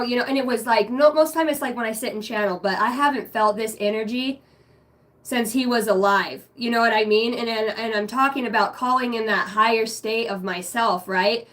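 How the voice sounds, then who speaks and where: A young woman running a casual livestream chat, excitable and swearing freely, dropping low and hushed when she prays. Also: moderate pace. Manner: excitable, swearing, bursts of loud laughter. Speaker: spiritual reader streaming live.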